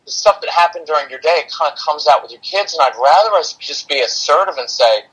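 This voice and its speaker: Guy with a husky voice chatting on a podcast about parenting, down to earth, a bit of dry sarcasm. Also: a little high, lively intonation, fast, a bit bright, poor audio. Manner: practical, dry sarcastic humor, talks in analogies. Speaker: parenting coach, podcast guest. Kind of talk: casual podcast conversation.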